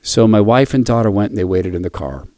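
A man hosting a radio devotional, quietly telling a personal story before closing with a blessing. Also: lowish voice, lively intonation, brisk, no echo, studio quality.

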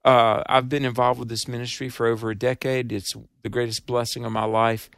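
A man's voice: mid-range voice, little pitch movement, fairly quick, vocal fry, a bit bright, dry recording, clean studio sound. A man with a Southern accent, hosting a radio ministry fundraiser in an earnest, emphatic, preacherly way.

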